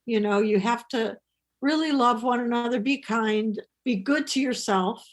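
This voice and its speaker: A woman's voice: a little high, measured pace. An older woman, a comedian guest, telling stories in an interview and acting out quoted voices. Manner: animated, acts out quoted voices. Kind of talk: storytelling interview chat.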